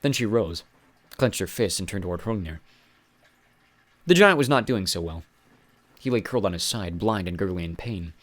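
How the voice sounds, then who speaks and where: A man's voice: deep voice, lively intonation, normal speed, no echo. A man reading a first-person adventure story aloud with dry, wry asides. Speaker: audiobook reader.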